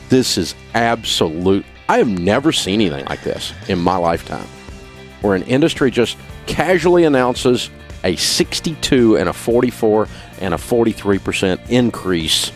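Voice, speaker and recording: A middle-aged man hosting a talk radio show, ranting in an indignant, sarcastic way. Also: low voice. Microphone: studio mic.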